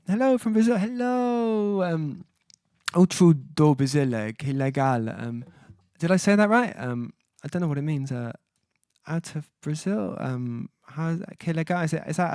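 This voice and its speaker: A man's voice: on the high side, dark tone, dry recording, studio quality. A man hosting his own music livestream, chatting casually and reading viewer comments aloud, hesitant with many fillers as he sounds out foreign words. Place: at home, indoors.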